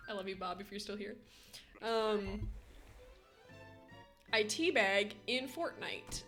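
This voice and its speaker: This woman streamer talks slowly and expressively in a mid-range, sharp-toned voice, pausing often. It's casual live-stream chat with her viewers, lots of laughter and frequent giggling fits, with faint music in the background.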